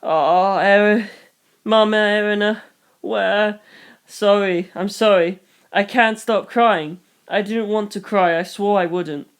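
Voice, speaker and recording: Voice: moderate pace, clean tone, natural voice. A reader voicing a scared, stubborn eleven-year-old girl who pleads through sobbing tears, in a fan reading of a novel. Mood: tearful. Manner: sobbing, pleading, rising high. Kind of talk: audiobook reading.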